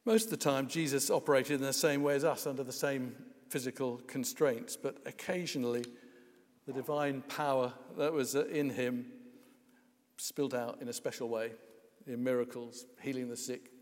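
A man's voice: medium pitch, steady tone, normal speed, darkish tone, long reverb tail. A man preaching a sermon in a wry, conversational way, with frequent hesitations and asides.

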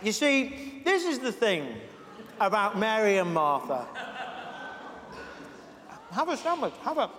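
A man's voice: high voice, big pitch swings, slow, pauses often, crowd noise. A man pastor giving an informal, chatty sermon with jokes, talking while eating. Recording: reverberant hall, faint noise.

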